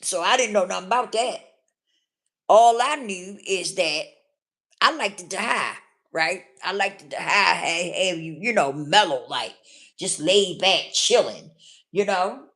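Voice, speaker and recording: A woman's voice: lowish voice, lively intonation, unhurried, a bit bright. A woman telling her own story in a blunt, casual way, often checking in with the listener. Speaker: vlogger. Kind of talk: candid personal storytelling.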